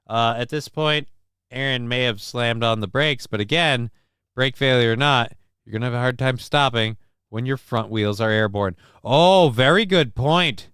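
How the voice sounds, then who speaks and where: A man's voice: medium pitch, steady tone, moderate pace, sharp tone, clean tone, no echo, studio quality. A man hosting a casual livestream, reading the chat aloud, joking, loose and profane, with lots of ums and uhs. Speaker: livestream show host.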